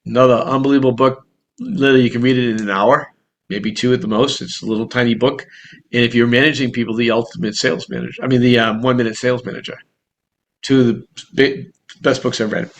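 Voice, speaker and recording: A man with a Boston accent gives a casual talk to an online group as a real estate broker and coach. He talks with quick, restless energy and often restarts mid-thought. His voice is at an ordinary pitch for a man. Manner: energetic, rapid, rambling with restarts.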